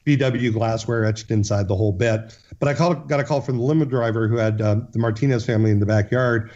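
Guy telling a story earnestly, mellow low-key voice, lots of restarts, audio a bit dull. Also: fast talker. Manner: earnest, with frequent restarts and fillers. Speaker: guest.

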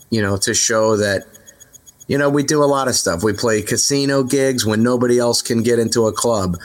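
A rock singer being interviewed, telling rambling road stories in a relaxed, candid way, full of fillers and restarts. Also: male voice, on the low side. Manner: relaxed, candid, mildly profane. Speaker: rock singer, podcast guest. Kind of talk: casual interview storytelling.

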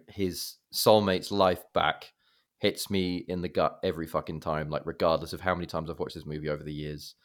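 A man with a low voice hosts a relaxed film podcast. He talks in an animated, self-mocking way and swears freely. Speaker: podcast host. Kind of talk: casual podcast chat.

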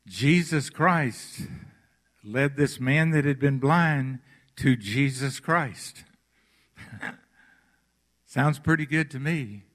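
A man preaching a sermon as pastor, retelling scripture stories slowly and with emphasis before leading communion and prayer. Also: medium pitch, a bit bright, long reverb tail. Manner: slow, emphatic storytelling preaching.

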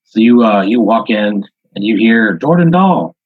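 A man hosting a podcast improvises a second-person story in a low, husky voice, rambling with lots of "like" and "uh." His delivery is flat and at normal speed, and the lo-fi recording sounds dull, like a basic podcast setup, with no room sound.

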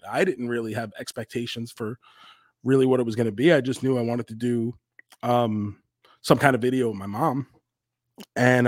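A man's voice: mid-range voice, no echo, studio quality. Candid, profane man on a podcast. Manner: candid and profane, swings into loud re-enacted quotes. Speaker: podcast co-host. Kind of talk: casual podcast chat.

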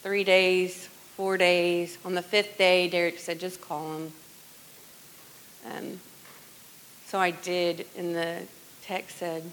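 A middle-aged woman sharing a personal testimony in church, earnest and conversational, often dropping to a hushed voice. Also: lowish voice, level tone, slow, long pauses, a little hiss or hum, rough recording. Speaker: worship leader sharing testimony.

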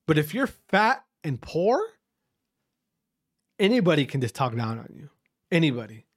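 A man's voice: a little high, sing-song, moderate pace, no room sound, clean studio sound. A man in his thirties hosting a podcast, chatting casually in a rambling, profane manner full of restarts. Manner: rambling, profane, self-interrupting. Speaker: podcast host.

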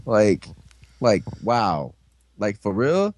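A man's voice: on the low side, very animated, drawn-out words, a little mellow, a little hiss or hum. A young man co-hosting a casual recap podcast, rambling and crude with a sarcastic edge. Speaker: podcast co-host.

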